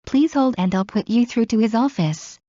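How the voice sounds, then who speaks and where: A woman reading common English phrases aloud one by one in a clear, measured way, as in a language lesson. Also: on the high side, mellow, dry recording. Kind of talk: slow read-aloud phrase drills. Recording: dull lo-fi recording.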